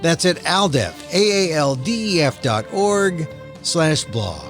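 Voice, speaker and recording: Podcast host reading the outro over music. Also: male voice, a little high, slow. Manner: steady, read-aloud announcing. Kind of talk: scripted show outro. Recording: studio voice-over with music bed.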